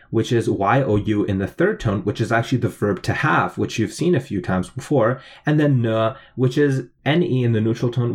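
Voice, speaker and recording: A man co-hosting a language lesson, spelling out each word and explaining its meaning step by step. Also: lowish voice. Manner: clear, methodical explanation. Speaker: language teacher co-host.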